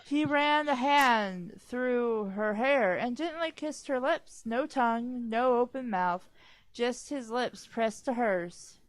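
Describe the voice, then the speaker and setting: Slow-reading woman with sarcastic asides. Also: on the high side, no echo. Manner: slow, stumbles over names, sarcastic asides. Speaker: podcast host reading fanfiction aloud. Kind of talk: casual reading with commentary.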